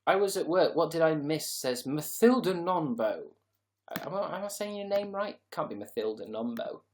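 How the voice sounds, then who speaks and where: A man's voice: mid-range voice, lively intonation, brisk. A tired man hosting a casual livestream, rambling sarcastically and reading out viewer comments. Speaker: livestream host.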